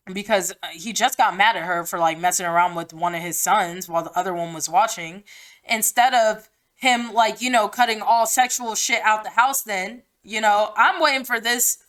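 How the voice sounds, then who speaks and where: A woman's voice: medium pitch, fairly bright tone. A woman hosting a podcast, giving a casual book reaction in a blunt, slangy, profane way with lots of "like" fillers. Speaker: podcast host.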